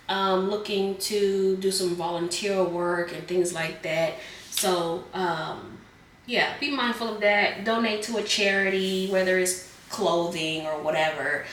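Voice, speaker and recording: A woman doing a casual tarot reading, a bit hoarse as she is losing her voice, chatting loosely with many fillers. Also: fairly low pitch, fairly bright tone, reverberant, far from the mic, a little hiss or hum. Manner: chatty, filler-heavy, calls viewers "Geminis". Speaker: tarot reader.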